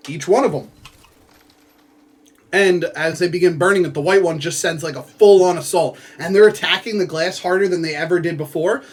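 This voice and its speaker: A man casually recapping a book at home, rambling with lots of filler words and playful asides to viewers. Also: high-pitched.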